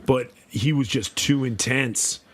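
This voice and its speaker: Male podcast co-host with an average-pitched voice, easygoing and rambling, nostalgic. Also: takes it slowly, fairly bright tone. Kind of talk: casual chat.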